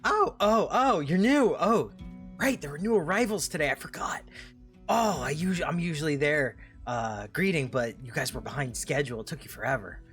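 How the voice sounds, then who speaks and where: A man's voice: medium pitch, a little fast, hardly any pauses, soft background music. A man doing an eager, flustered dog-boy guard. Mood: excited. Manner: excitable, chatty, stumbling over words. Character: eager young male dog-boy guard, friendly and scatterbrained.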